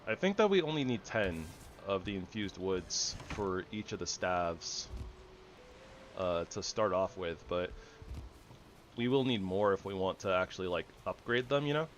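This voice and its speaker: Low-voiced man rambling through a game. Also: a little slow, slight background noise. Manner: rambling, self-correcting, relaxed. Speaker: gamer. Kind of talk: casual gameplay commentary.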